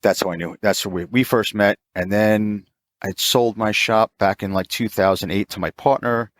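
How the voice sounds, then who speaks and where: A man in his fifties telling a long story in casual chat, jumping into a higher pitch to act out the people he quotes. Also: normal speed, dry recording. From New York. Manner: animated, acts out quoted voices in a higher pitch. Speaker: mobile auto technician, podcast guest.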